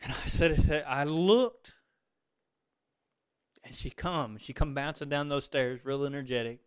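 A middle-aged man preaching a sermon, moving between fervent exclamations and quiet, tender storytelling. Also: medium pitch, fairly even intonation, a little fast, clear, resonant tone.

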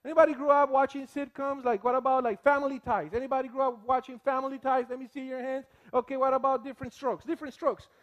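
A man preaching a sermon as pastor, animated and acting out the people he quotes. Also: very high-pitched, fast, hardly any pauses, muffled recording.

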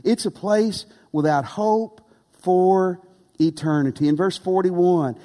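A man's voice: sits high, dark tone. Earnest preaching man in echoing hall. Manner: earnest, emphatic preaching with dramatic pauses. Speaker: pastor. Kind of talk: sermon. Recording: long reverb of a large hall.

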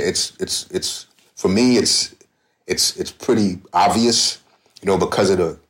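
A man speaking as a podcast guest in a reflective, conversational way, often restarting his phrases. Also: deep voice.

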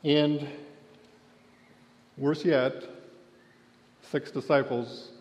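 A pastor preaching a sermon, telling the story and voicing the people in it with a raised voice. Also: male voice, mid-range voice, steady tone, extremely slow, a little mellow. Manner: storytelling, acts out quotes with raised voice. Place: church sanctuary. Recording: dull lo-fi church recording with long reverb.

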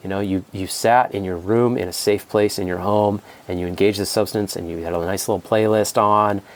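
A man's voice: fairly low pitch, fairly even intonation, fairly quick. A man speaking as a podcast guest and coach, rambling and repeating words in casual conversation. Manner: rambling, repeats words, acts out quoted voices.

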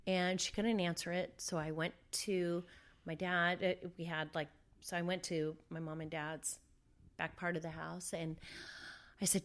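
A woman's voice: fairly low pitch, steady tone, measured pace, fairly bright tone. A middle-aged woman speaks as an interview guest, telling a personal story in a loose, conversational way. She leans on fillers and plays back the words people said at the time. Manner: conversational, with fillers and re-enacted dialogue.

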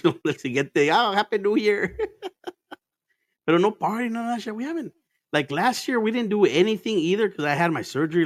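A man's voice: a little high, no room sound, studio quality. A man telling stories in casual chat as a podcast host, laid-back and profane, laughing often and mixing Spanish into his English.

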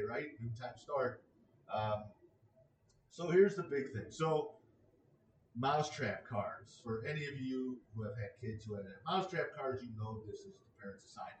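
A man's voice: medium pitch, echoey room, far from the mic, slight background noise, low-quality recording. A man in a casual ranting monologue, exasperated and sarcastic, swearing freely.

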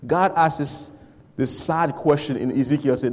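Animated preacher in a reverberant hall. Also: male voice, fairly high pitch, normal speed. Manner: asks the congregation to fill in words, swings from soft to shouting. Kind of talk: call-and-response sermon.

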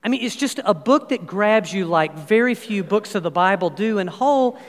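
A man in his fifties preaching over a church sound system. His voice sits high and his delivery is animated, full of fillers and restarts. A long reverb fills the sanctuary behind him. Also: moderate pace. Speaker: pastor. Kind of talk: sermon with personal anecdotes. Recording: long reverb of a large hall.

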